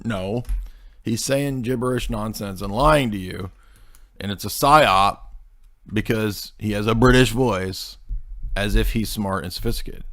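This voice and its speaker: A man's voice: lowish voice, unhurried, no room sound. Sarcastic man with a dry, close sound. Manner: sarcastic, mocking, animated. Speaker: host. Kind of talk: commentary reacting to a clip.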